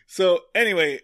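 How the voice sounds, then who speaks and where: A man co-hosting a podcast, giving a casual episode recap with wry, deadpan, profane humor. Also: high-pitched, no echo, studio quality. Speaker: podcast co-host.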